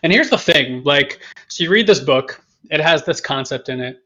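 Rambling man on a podcast, higher-pitched. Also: animated, moderate pace, sharp tone. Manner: rambling, repeats himself, jokey. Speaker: podcast co-host. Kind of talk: casual podcast talk. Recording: dull lo-fi sound.

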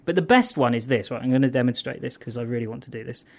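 A man chatting eagerly on a podcast as the regular trends contributor, excitable and quick to laugh. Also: mid-range voice, creaky. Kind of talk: casual comedic chat.

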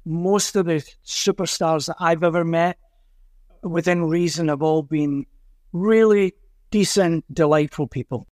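An older man with a Glasgow Scottish accent, a musician guest telling anecdotes in an animated way and acting out the voices of the people in them. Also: on the high side, measured pace, dry recording, clean studio sound. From Scotland. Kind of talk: animated storytelling.

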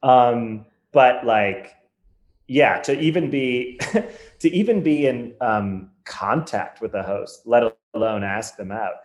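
A man's voice: mid-range voice, takes it slowly. A man guesting on a podcast, telling stories in a wry, rambling way with lots of restarts. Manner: rambling, self-correcting, wry storytelling. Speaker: guest comedian. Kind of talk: casual podcast chat. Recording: roomy echo.

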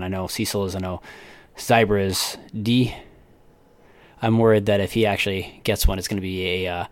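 Male podcast co-host, low-ish pitch, chatty and meandering. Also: dry recording. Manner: rambling, loses his train of thought. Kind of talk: casual chat.

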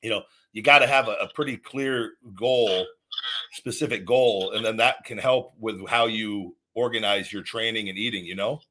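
A man's voice: fairly low pitch, normal speed, bright, forceful tone. A man hosting a call-in podcast, giving blunt, rambling fitness advice in a casual, teasing way. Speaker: podcast host.

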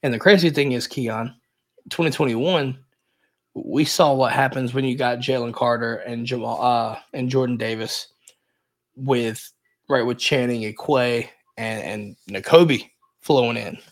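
Breaking down the team on a sports podcast he co-hosts, a man speaks in a medium-pitched, fairly even, unhurried voice. He rambles casually and hedges a lot, leaning on repeated fillers.

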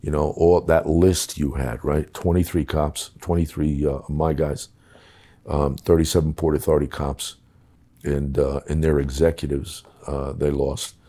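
Deep, husky, blunt-talking middle-aged man. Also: flat delivery, unhurried, warm tone. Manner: blunt, profane, emphatic. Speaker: guest recounting his time as a police official. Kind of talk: storytelling in conversation.

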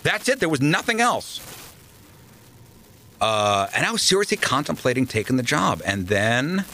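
A man's voice: medium pitch, moderate pace, a little hiss or hum, poor audio. A man telling a long story in a casual interview, acting out the people he quotes. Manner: animated storyteller, acts out quoted voices. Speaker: radio host guest.

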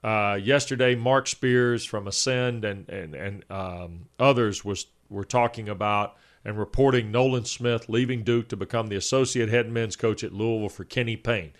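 A man in his fifties co-hosting a sports talk show. His voice sits a little low, and he works through his points one by one in a measured way. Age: 50s. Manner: measured, lays out points in order. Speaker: sports radio co-host.

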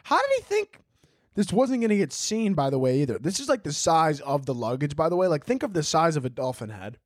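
A man's voice: a little high, lively intonation, quick pace, darkish tone, dry recording, clean studio sound. A young man hosting a solo podcast, rambling and joking crudely, filling his talk with "like" and "dude". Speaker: podcast host.

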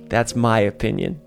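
A man from Staten Island, delivering an animated, profane, mock-outraged monologue as a podcast host, with faint music behind him. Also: fairly low pitch, gravelly. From Staten Island, New York. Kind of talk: ranting comedic monologue. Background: faint sad music.

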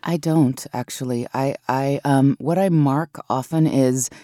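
A woman who narrates audiobooks, giving a thoughtful, explanatory interview with easy laughs. Her voice sits very low, and the sound is tight and dry, close to a studio mic. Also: fairly even intonation, a little slow, dark tone, dry recording. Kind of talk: interview conversation. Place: home recording booth. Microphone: studio microphone.

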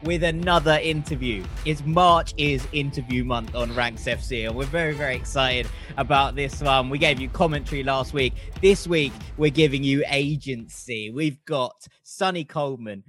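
A man's voice: mid-range voice, normal speed, hardly any pauses, fairly bright tone, faint music behind. A young man hosting a football podcast, upbeat and chatty in casual talk. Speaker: podcast host. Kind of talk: casual chat.

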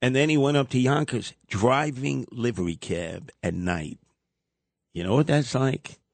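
A man's voice: mid-range voice, unhurried, creaky, dry recording. An older man hosting a radio talk show, rambling and wisecracking as he ribs his younger co-hosts. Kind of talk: casual talk radio banter.

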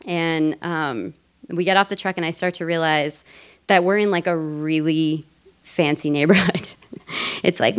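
Smooth-voiced woman telling a live story. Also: on the low side, unhurried. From Colorado, USA. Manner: casual, chatty, laughing, frequent "like". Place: theater stage before a live audience.

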